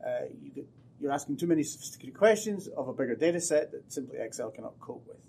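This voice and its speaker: A man's voice: medium pitch, animated, fast talker, vocal fry, dark tone, a little hiss or hum. A man hosting a podcast, asking his guest playful, probing questions in a casual chat. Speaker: podcast host.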